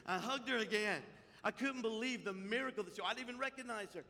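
A man preaching a sermon as pastor, impassioned, swinging between loud proclamations and hushed storytelling. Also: extremely high pitch, fast talker, in a large hall.

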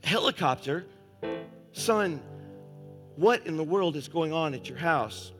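A man's voice: fairly high pitch, animated, slow pace, a bit bright, long reverb tail, faint music behind. A man voicing an impatient adult male boss on the phone in a sermon story, pressing with questions. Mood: alarmed. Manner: pressing, increasingly alarmed questions.

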